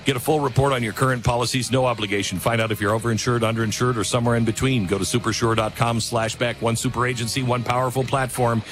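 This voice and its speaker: A man's voice: fast talker, few pauses, soft background music. A middle-aged man hosting a radio talk show, rambling, self-mocking and reading ads live, jumping into mimicked voices. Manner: animated, self-mocking, mimics voices with big pitch jumps.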